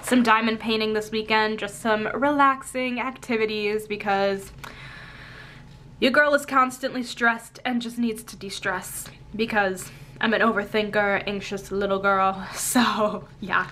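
A woman's voice: medium pitch, fairly even intonation, unhurried, bright, forceful tone, slight background noise. A young woman chatting casually as she flips through a coloring book, bubbly and talkative, saying "like" and "cute" often. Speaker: coloring book channel host. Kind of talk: casual flip-through vlog.

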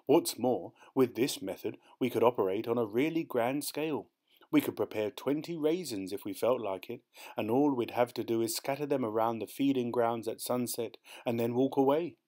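A man's voice: medium pitch, a little mellow. Male audiobook narrator reading a story. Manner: reads both characters' lines himself with small shifts of tone. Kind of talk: scripted narration with character dialogue.

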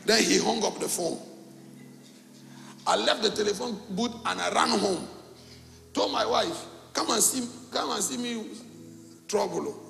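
Man, pastor from cameroon, middle-aged, gravelly, high, bright and lively, echoey hall, soft music behind. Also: measured pace, long pauses. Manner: animated storytelling, acting out dialogue. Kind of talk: sermon storytelling. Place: church hall.

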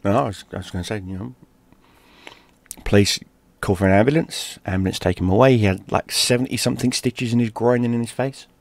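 A gaming streamer from London, speaking in a low voice, tells a personal story. He is animated and profane, and he acts out the shouted lines as he goes. The sound is dry and close, with no room echo. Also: fairly quick, gravelly. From London, England.

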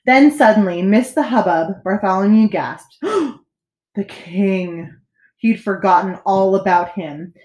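A woman reading a children's picture book aloud as a storyteller, expressive with dramatic pauses. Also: mid-range voice. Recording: echoey room.

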